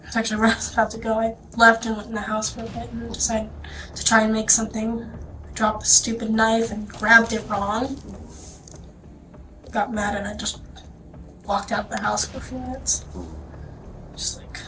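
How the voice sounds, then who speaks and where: A woman's voice: fairly high pitch, little pitch movement, normal speed, pauses often. Tired young woman mumbling answers in an interview room, kinda far off mic, hissy background. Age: young adult. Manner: soft, hesitant, trailing off into near-whispers. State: exhausted. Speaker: suspect being questioned. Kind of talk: police interview. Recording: distant, noisy interview-room recording.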